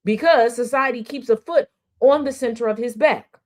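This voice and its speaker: A woman's voice: fairly high pitch, moderate pace, a little mellow. A woman hosting an opinionated commentary stream, sassy and sarcastic, hammering points with rhetorical questions and repetition. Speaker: news commentary host.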